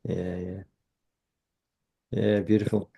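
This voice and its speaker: Australian male host, mellow, fry in the voice, easygoing chuckles. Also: sits low. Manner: relaxed, chuckling, halting restarts. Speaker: workshop host. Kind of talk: casual group video call.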